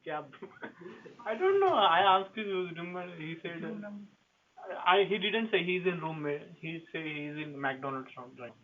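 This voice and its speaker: A man's voice: fairly high pitch, big pitch swings, unhurried, a little hiss or hum. Man clerk on a tinny phone line. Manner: brief, hesitant replies. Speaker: motel front desk clerk. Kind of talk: phone call.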